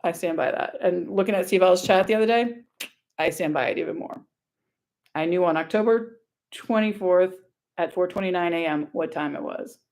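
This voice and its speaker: In a casual vlog, a Louisiana-born online commentator reads screenshots out, sarcastic, blunt and cursing freely. Her lowish voice is a little mellow, and she keeps a moderate pace.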